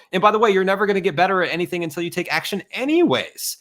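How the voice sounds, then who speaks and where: A man's voice: sits high, expressive, racing, few pauses, fairly bright tone. A man, a guest on a live stream, giving a fired-up motivational talk that bluntly calls out excuses over a video call.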